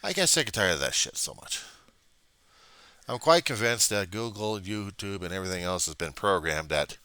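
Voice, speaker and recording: A man rants into a webcam at home, rambling, sarcastic and quick to swear. His voice sits low and has a bright, forceful edge. The room sounds dry and close. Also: animated, clean tone, no room sound.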